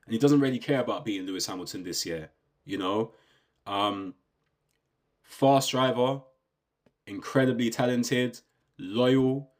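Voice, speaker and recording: A British man on YouTube delivers a casual, opinionated rant in a medium-pitched voice, unhurried and with long pauses. He poses rhetorical questions and keeps checking in with the listener, often saying "do you know what I mean."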